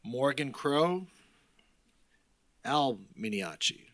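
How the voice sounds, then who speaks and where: A man's voice: medium pitch, takes it slowly, bright, forceful tone, no echo. A man chairing a public meeting who calls out speakers' names unhurriedly, with dry asides.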